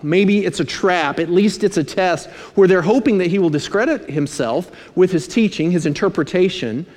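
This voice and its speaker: A man preaching a sermon, emphatic, slowing to stress key phrases and dropping in dry asides. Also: high voice, darkish tone. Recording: long hall reverb.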